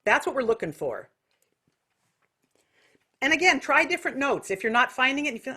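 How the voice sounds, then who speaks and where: An American woman teaching an online singing lesson, explaining technique and breaking into loud nasal vocal exercises. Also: a little high, animated, fairly quick. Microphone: video call.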